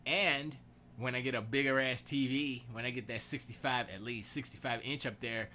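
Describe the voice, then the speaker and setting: Male stream host, bright and sharp tone, casual slangy banter, faint background hiss. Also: medium pitch, normal speed. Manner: loose, excitable, slangy rambling. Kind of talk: casual gaming and movie chat. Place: home studio.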